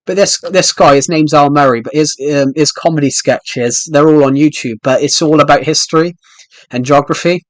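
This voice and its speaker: A man's voice: a little high, normal speed, dry recording. A man hosting a gaming channel, chatting casually and rambling, with frequent restarts and fillers. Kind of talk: casual chat over gameplay.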